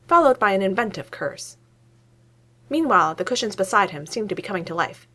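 Female narrator, expressive storybook read with an animated melody. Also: medium pitch, moderate pace, pauses often. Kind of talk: storytelling reading.

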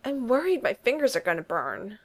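A woman's voice: fairly high pitch, sing-song, brisk, pitched above the performer's own voice. A woman voicing an earnest heroic captain, strained. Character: earnest male superhero captain, pained by spicy food.

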